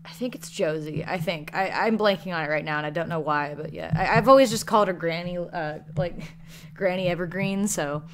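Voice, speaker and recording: A woman's voice: fairly low pitch, brisk, a little hiss or hum. A woman with a Southern American accent casually answering viewer questions in a rambling, chatty way, laughing between thoughts. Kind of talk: casual Q&A chat.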